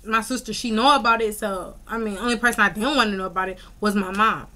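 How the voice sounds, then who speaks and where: A young woman vlogger telling a story in a casual, animated way, full of slang and fillers. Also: mid-range voice, fast talker.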